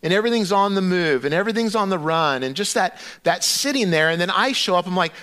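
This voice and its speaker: A man's voice: sits high, lively intonation, quick pace, few pauses, bright, forceful tone, clean tone. A middle-aged male pastor preaching in a conversational way, acting out his own prayers to God with many restarts and fillers. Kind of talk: sermon.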